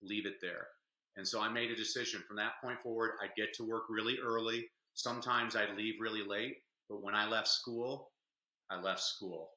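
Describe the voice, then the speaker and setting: A man speaking as a guest in a casual interview, an energetic, joking storyteller. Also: fairly low pitch, moderate pace, roomy sound, low-quality recording. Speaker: guest, reading advocate.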